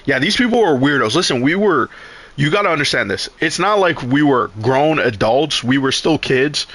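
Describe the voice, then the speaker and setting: A male streamer telling a story in casual talk. He is animated and rambling, swears a lot, and restarts his sentences. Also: on the high side, normal speed, no room sound.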